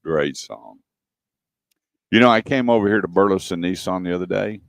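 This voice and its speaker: A man's voice: low-pitched, moderate pace, creaky, no echo, clean studio sound. A man hosting a radio car show, chatting casually and telling joking prank stories. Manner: tells joking prank stories, acting out voices. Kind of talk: casual radio chat and storytelling.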